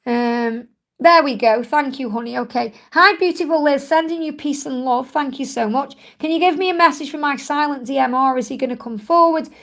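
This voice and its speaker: A woman giving reassuring tarot readings on a live stream, her voice croaky from overuse. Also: sits high, normal speed, fairly bright tone. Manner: reassuring, repetitive, reads viewer questions aloud. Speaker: tarot reader hosting a live Q&A.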